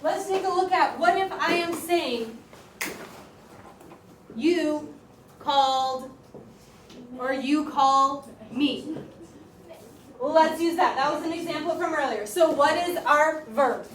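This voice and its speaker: A woman teaching a classroom grammar lesson as a high school Spanish teacher, talking in a lively, chatty way with lots of "like". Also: slow, pauses often. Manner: lively, chatty, uses "like" often. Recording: echoey classroom, voice far from mic, faint room noise.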